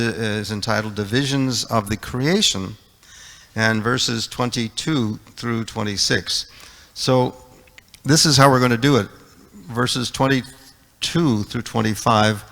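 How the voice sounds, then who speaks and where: A man's voice: mid-range voice, fairly bright tone, long reverb tail. A man leading a devotional scripture class, reading out verse translations one item at a time. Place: temple hall.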